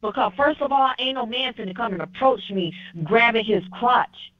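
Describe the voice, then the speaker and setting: A woman's voice: on the high side, normal speed. A woman caller giving firm opinions, often restarting her sentences. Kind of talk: casual call-in phone talk. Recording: dull lo-fi phone line.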